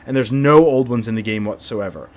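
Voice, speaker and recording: A man co-hosting a podcast in loose, casual chat. His voice sits at an ordinary middle pitch, and he rambles on and chuckles easily. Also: brisk. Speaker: podcast co-host.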